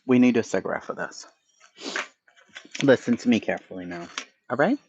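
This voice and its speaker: A man's voice: medium pitch, expressive, moderate pace, a little mellow, breathy edge, no echo, muffled recording. A man with a Boston accent hosting a casual livestream chat, blunt and profane, answering his chat. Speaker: livestream host.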